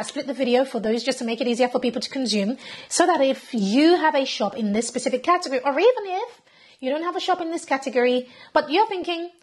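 British woman, high voice, a little breathy, chatty animated tutorial coach. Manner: chatty and animated, keeps asking "right?". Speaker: online business coach. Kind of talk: screen-share tutorial walkthrough.

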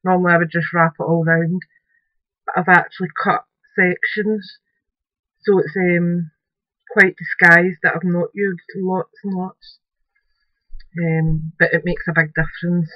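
A woman's voice: fairly low pitch, little pitch movement, a little slow, no echo, dull audio. A woman hosting a casual craft tutorial, chatting in a homely way as she shows and describes her finished piece.

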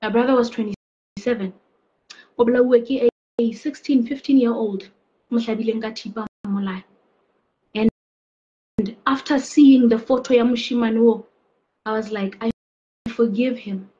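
A South African woman mixing English and Sesotho, giving an earnest personal testimony that turns into preaching, often softening her voice. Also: fairly high pitch, steady tone, moderate pace, long pauses, lo-fi sound. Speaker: faith speaker.

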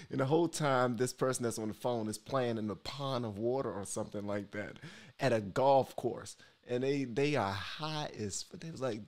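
A man hosting a reaction video, retelling stories in a relaxed, casual way. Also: medium pitch, normal speed. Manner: relaxed, swings into excited retelling.

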